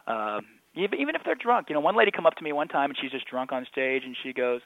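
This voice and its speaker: A man guest telling comedy-club anecdotes in casual interview talk, animated and acting out the voices of people in his stories. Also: mid-range voice, fast talker, no room sound. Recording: tinny phone line.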